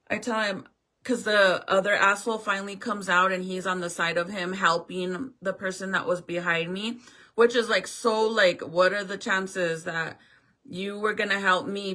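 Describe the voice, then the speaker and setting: A woman's voice: mid-range voice, pushed and bright. A woman telling a storytime in a casual vlog rant, swearing and acting out both sides of the talk. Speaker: vlogger.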